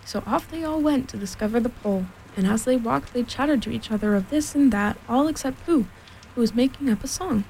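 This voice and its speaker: A woman reads a children's storybook aloud in a gentle, unhurried voice. Her tone is mellow and a little high, and soft rain patters faintly behind her. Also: a little hiss or hum, rough recording. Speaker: reader.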